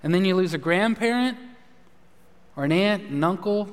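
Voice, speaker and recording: A man's voice: high-pitched, animated, normal speed. A man preaching a live sermon, chatty and conversational, often asking the congregation questions and acting out everyday quotes. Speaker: pastor. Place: church hall. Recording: long reverb of a church hall.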